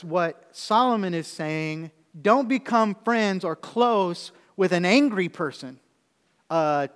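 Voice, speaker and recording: A male pastor in his thirties preaching a sermon in a church, often asking the congregation questions. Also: fairly high pitch. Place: church sanctuary. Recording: reverberant church hall.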